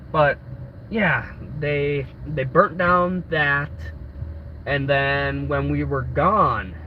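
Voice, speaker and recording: A man with a stuffy nose from a cold, telling a travel story in a casual, rambling live stream full of restarts. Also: fairly high pitch. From United States. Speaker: travel vlogger. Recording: dull lo-fi audio with faint background noise.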